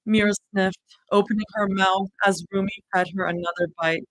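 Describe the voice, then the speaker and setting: A woman reading fanfiction aloud in an expressive, heartfelt live reading. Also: medium pitch, moderate pace, dry recording, poor audio. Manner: expressive reading with emotional reactions. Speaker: fanfiction reader.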